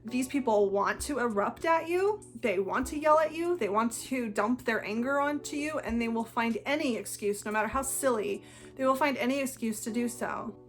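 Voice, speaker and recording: A woman's voice: a little high, normal speed, faint music behind. A woman hosting an explanatory talk to camera, earnest and emphatic, often repeating phrases for stress. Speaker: video host.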